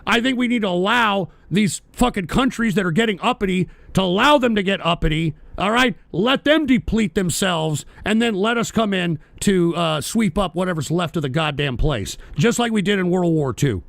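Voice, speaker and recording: A man's voice: high-pitched, animated, moderate pace, gravelly, few pauses, fairly bright tone, no echo. A man from the United States hosting a radio show, delivering a heated, profane political rant and repeating himself.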